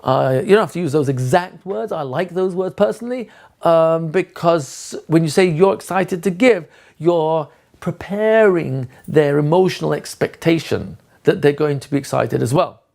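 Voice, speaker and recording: A man's voice: a little high, normal speed, gravelly. A man giving a lecture to teachers on how to teach children, acting out short scenes of teacher and pupil as he explains. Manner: animated, acts out teacher and child voices. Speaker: teacher trainer.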